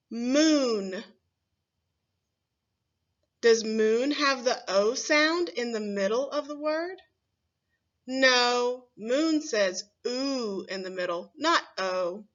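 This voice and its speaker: A woman teaching young children their letter sounds, taking her time over each word and sounding it out with care. Her voice is bright and a little high, and the recording is dull and lo-fi. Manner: slow, clearly sounded-out words with questions to the class. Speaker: first grade teacher. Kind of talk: phonics lesson for young children.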